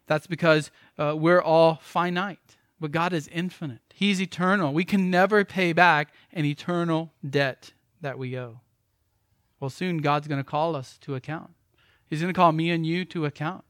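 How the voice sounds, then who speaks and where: A man preaching a sermon as pastor, emphatic and pleading, swinging from loud exclamations to hushed lines. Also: high voice, no echo, clean studio sound.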